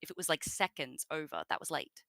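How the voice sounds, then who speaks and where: A woman's voice: low-pitched, very animated, brisk, gravelly, sharp tone, no room sound. A woman with an Australian accent, a guest in an interview, chatting casually with many fillers and laughs.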